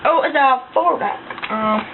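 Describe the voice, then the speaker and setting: High bouncy woman coaxing a kid, sing-songy, tinny and noisy like a phone. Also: unhurried. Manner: sing-song, encouraging, coaxing. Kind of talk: prompting a child through animal sounds. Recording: tinny phone-like sound with noise.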